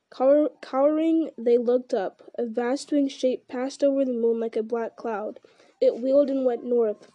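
A woman reading a fantasy novel aloud in a steady storytelling manner, with small slips she corrects as she goes. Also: a little high, dry recording.

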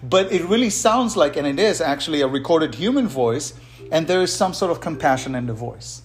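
A man's voice: on the high side, animated, fairly quick, faint music behind. A man hosting a solo podcast on leadership, speaking earnestly and encouragingly and repeating key words for emphasis. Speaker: podcast host.

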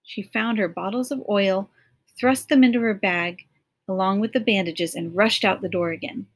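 A woman reading a novel aloud as an audiobook, measured and expressive. Her voice sits in a plain middle register. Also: mid-range voice. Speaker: audiobook narrator.

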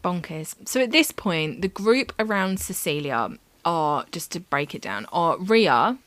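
A woman's voice: on the low side, lively intonation, unhurried, a bit bright, no room sound. A woman co-hosting a true-crime podcast, telling the story in a casual, chatty way with lots of fillers. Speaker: podcast co-host.

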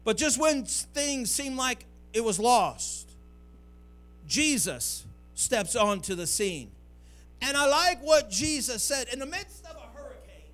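A man's voice: extremely high pitch, fairly bright tone. A male pastor, preaching a sermon that builds to near-singing climaxes.

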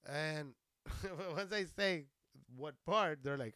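A man from near El Paso, Texas, in a profane, rambling comic monologue, crude and animated. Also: fairly high pitch, unhurried, clean tone, no echo. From Socorro, Texas, near El Paso. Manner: rambling, crude and animated, laughing at his own jokes. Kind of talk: profane stand-up style monologue.

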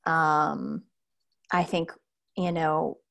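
A woman guest talking casually about distilling, bubbly, speaking in quick bursts. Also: sits low, little pitch movement, creaky, a bit bright. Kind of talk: casual conversation.

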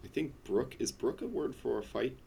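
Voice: mid-range voice, moderate pace, gravelly, warm tone, husky. A player in a tabletop game, joking around playfully. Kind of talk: casual tabletop play.

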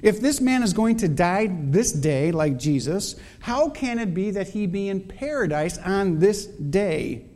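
A man preaching a sermon as a pastor, measured and emphatic, posing rhetorical questions to his congregation. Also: high-pitched, expressive, darkish tone. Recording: long reverb of a hall.

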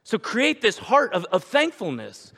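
A man's voice: high voice, huge pitch swings, unhurried, gravelly, fairly bright tone. A male pastor preaching a sermon in a conversational storytelling manner, with emphatic repetition. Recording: echoey church hall.

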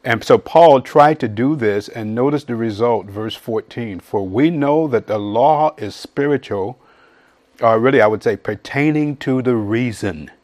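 A middle-aged man preaching a verse-by-verse sermon in a folksy manner, building to emphatic, near-shouted points. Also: medium pitch, measured pace. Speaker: pastor.

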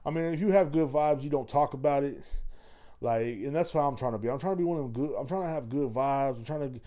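A man's voice: mid-range voice, quick pace, dark tone. A man hosting a podcast, talking in a rambling, blunt and heavily profane way. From Texas. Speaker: podcast host. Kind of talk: casual solo podcast rant.

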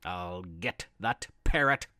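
Storyteller doing a low growly pirate captain, vengeful, says arg a lot, slow drawl, dry sound. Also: lively intonation, pushed and bright, dry recording, exaggerated voice. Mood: menacing.

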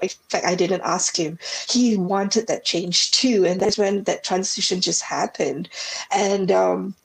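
A woman's voice: lowish voice, measured pace, creaky, rough recording. A woman in her forties, from Singapore, telling a heartfelt personal story as a podcast guest, reflective and full of restarts.

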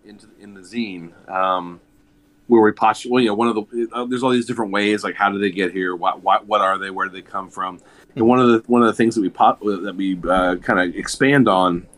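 A man with a somewhat low voice talks casually as a guest, circling his points with lots of "um" and "you know" and restarting sentences. His delivery is loose and conversational. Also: a bit bright. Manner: rambling, many fillers and restarts. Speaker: guest, zine writer. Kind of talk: casual chat.

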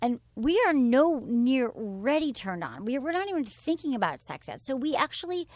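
Outspoken woman host giving dating and sex tips, kinda high voice, dry close sound. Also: moderate pace, no echo. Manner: frank, animated, reads from her blog. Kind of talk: casual advice chat.

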